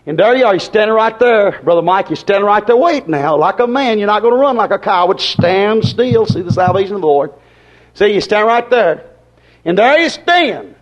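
A high-pitched man preaches, folksy and dramatic. He swings from loud to soft and plays out voices as he goes. The recording sounds dull and lo-fi. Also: expressive, normal speed. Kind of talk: sermon.

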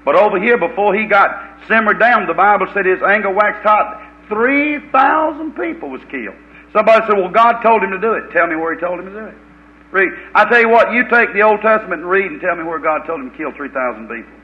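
Folksy preacher on an old recording. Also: male voice, fast talker, dull audio. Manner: folksy, swings from loud preaching to low muttered asides. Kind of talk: fiery revival sermon.

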